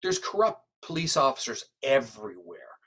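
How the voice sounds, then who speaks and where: A man's voice: medium pitch, moderate pace, husky. A man, a guest psychic medium and criminal profiler, telling a story in an interview and often tagging his lines with "right?". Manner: animated retelling, tags lines with "right?".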